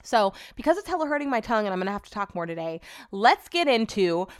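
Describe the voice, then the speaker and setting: A woman's voice: mid-range voice, sing-song, fast. A woman with a Californian accent, hosting a podcast on her own in a rambling, chatty and profane way. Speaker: podcast host. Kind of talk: casual solo podcast chat.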